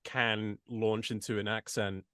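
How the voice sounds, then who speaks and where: A man's voice: lowish voice, level tone, unhurried, bright, forceful tone, no echo, clean studio sound. A man from the United States who speaks with an English accent, a voice actor chatting casually in an interview with many restarts and asides. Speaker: voice actor guest.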